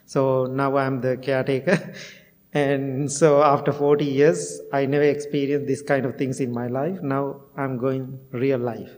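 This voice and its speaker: Speaking a little slowly in a level, darkish mid-range voice, a middle-aged monk delivers a heartfelt, story-driven dharma talk. He laughs at himself from time to time, and the temple meditation hall lends long reverb.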